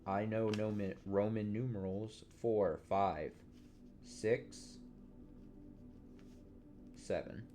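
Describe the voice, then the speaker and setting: A man's voice: fairly low pitch, drawn-out words, long pauses, dark tone. A man giving casual gameplay commentary, thinking aloud, swearing casually and poking fun at himself. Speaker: let's play streamer.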